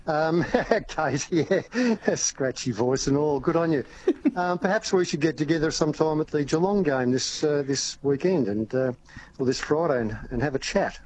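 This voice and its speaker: A man's voice: on the high side, moderate pace, darkish tone, slight background noise, rough recording. A man with an Australian accent calling in to talkback radio, jovial and confident about football. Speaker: caller. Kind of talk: talkback phone call.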